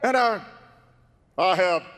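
A man with a high-pitched voice delivers a fervent, storytelling sermon that swells into emphatic shouts. His voice rings out with long reverb through a large church sanctuary. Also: expressive, takes it slowly. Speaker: preacher.

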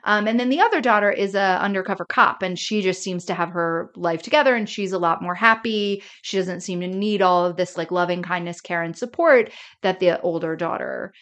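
A woman co-hosting a TV podcast in casual chat, animated and laughing often as she retells scenes. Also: fairly low pitch, a little fast, few pauses. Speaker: podcast co-host.

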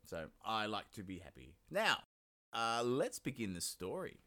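Brief: man, low voice, casual rambling history podcast host. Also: sing-song, unhurried, bright, forceful tone. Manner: rambling, many fillers, jokey put-on voices.

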